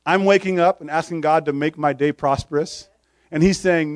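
A man's voice: on the high side, fairly even intonation, normal speed, no echo. A man preaching a sermon, quoting old-fashioned scripture and firing short questions at the congregation.

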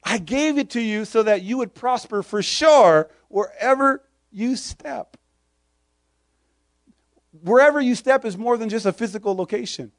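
A man's voice: very high voice, measured pace, no echo, clean studio sound. A man preaching a sermon, quoting old-fashioned scripture and firing short questions at the congregation.

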